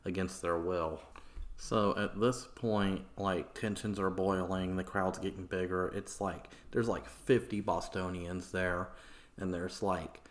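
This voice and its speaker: A man's voice: low voice, fairly even intonation, unhurried. A man hosting a history podcast, retelling events in a loose, profane, conversational way. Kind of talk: casual history narration.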